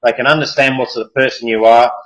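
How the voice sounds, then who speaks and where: An Australian man talks in a loose, chatty way over a video call. He is upbeat and keeps the group going, with plenty of ums and uhs between his thoughts. His voice sits at an ordinary middle pitch. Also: steady tone, fast, a bit bright, low-quality recording. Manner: chatty, enthusiastic, many fillers. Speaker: hangout host. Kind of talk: casual online group call.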